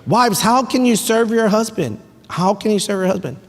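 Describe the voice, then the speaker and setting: A man in his thirties preaching a sermon as pastor, animated and playful, with family stories and asides to the congregation. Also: sits high, moderate pace. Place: church sanctuary. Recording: echoey church hall.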